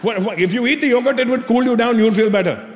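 A man's voice: very high voice, fast, a crowd in the background, background noise, pitched above the performer's own voice. A comedian voicing a stubborn Indian father who lectures insistently, live in a hall.

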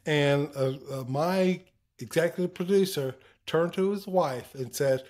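A man's voice: a little high, unhurried, darkish tone. A man guest in a casual interview, telling anecdotes, acting out quoted voices and laughing often. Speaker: interview guest, former TV broadcaster.

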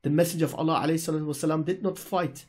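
Husky, emphatic man preaching. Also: a little high, fairly even intonation, rapid-fire, a little mellow. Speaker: speaker answering questions. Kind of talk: religious polemic in a Q&A. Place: online voice call.

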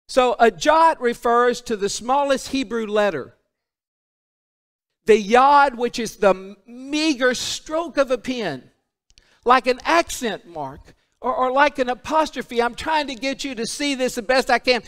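A man preaching a sermon, alternating emphatic declarations with hushed, intimate passages. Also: very high-pitched, lively intonation, slow. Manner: emphatic, drops to a hushed intimate voice for solemn points.

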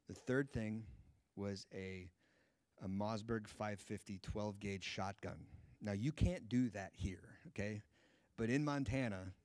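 A man in his thirties teaches a church group through a personal story, jumping into the voices of the people in it. His voice sits low, and the sound is dry and close with little room echo. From United States. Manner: lively storyteller acting out dialogue. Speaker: guest Bible teacher. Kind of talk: sermon storytelling.

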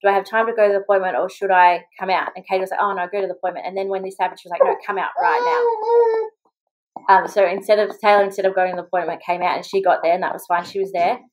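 Poor audio captures a medium-pitched, level-toned woman's voice. She is a young Australian mother guesting on a podcast, telling her story quickly and chattily, full of "like" and voices she acts out.

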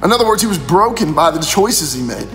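A man with a high voice delivers a casual pastor's devotional, retelling scripture in everyday slang. The sound carries a long hall reverb. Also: very animated, fairly quick, fairly bright tone, soft background music.

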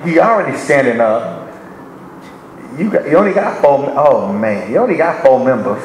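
A man's voice: medium pitch, normal speed. A man, a bishop, preaching a sermon full of humor, acting out the voices of people he quotes. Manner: animated, joking, acts out quoted speech. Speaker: bishop and pastor. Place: church. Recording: echoey church with background noise.

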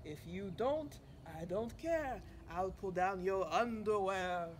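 A woman voicing an excitable young boy frog in a storybook, exclaiming eagerly over a noisy background. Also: mid-range voice, slow pace, natural voice. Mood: spooky chant.

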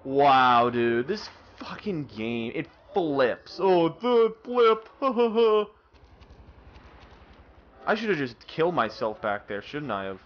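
A man's voice: mid-range voice, expressive, unhurried, hardly any pauses, lo-fi sound, slight background noise. A young man swearing and ranting in exasperation as he comments on his own gameplay. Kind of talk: let's-play commentary.

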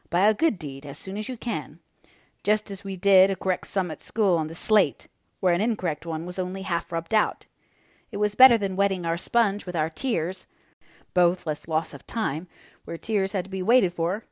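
A woman's voice: medium pitch, dry recording, clean studio sound, lightly acted. A woman reading the lines of an impatient, hearty young naval officer, the heroine's brother, in a story, urging and coaxing with energy.

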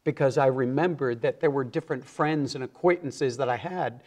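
Speaking at medium pitch and a moderate pace with a darkish tone, this man tells his testimony as a guest on a TV interview. He's an evangelist and an earnest storyteller who performs the quoted voices of the people involved.

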